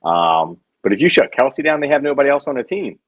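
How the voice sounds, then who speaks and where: A man's voice: medium pitch, brisk, no echo, dull audio. A man co-hosting a podcast, talking casually and matter-of-factly about sports with his friend. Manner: relaxed, matter-of-fact sports talk. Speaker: podcast co-host. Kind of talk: casual chat.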